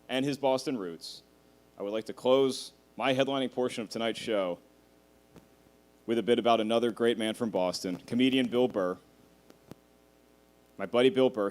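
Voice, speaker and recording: A man performing a stand-up comedy set, telling animated stories, swearing and laughing at his own jokes. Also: medium pitch.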